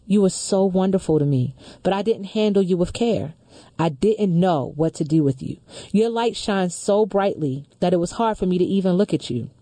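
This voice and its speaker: A woman host reading a letter aloud slowly and earnestly, then discussing it on a talk show. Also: on the low side, animated, mellow, no room sound.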